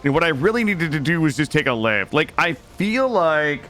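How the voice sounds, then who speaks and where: A man's voice: a little high, big pitch swings, normal speed, a bit bright. A young man live-streaming a video game, talking anxiously and dramatically to his chat as he plays.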